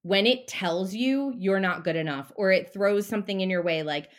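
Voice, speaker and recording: A woman talking as a mindset coach in a casual podcast interview, animated and a little profane. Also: mid-range voice, normal speed.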